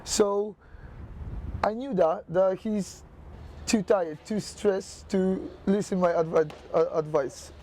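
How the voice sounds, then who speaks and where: A man's voice: high voice, slow pace, a little mellow, a little hiss or hum. A man, a boxing coach, speaking in non-native English with many filler phrases in a documentary interview.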